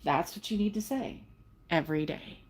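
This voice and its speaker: A woman's voice: on the low side, moderate pace, darkish tone, husky. An older woman hosting a casual livestream, talking earnestly and heartfelt, often restarting her sentences. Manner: earnest, rambling, self-correcting, heartfelt. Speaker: livestream host.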